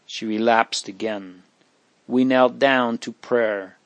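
A man reading aloud an old religious story in a measured, solemn way. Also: medium pitch, fairly even intonation, fairly bright tone, no room sound, lo-fi sound. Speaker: narrator.

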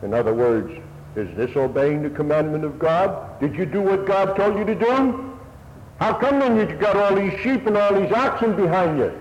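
A man's voice: high-pitched, normal speed. A man preaching a sermon in an earnest, old-fashioned manner, his voice swelling and dropping. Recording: echoey hall, dull lo-fi sound, faint hiss.

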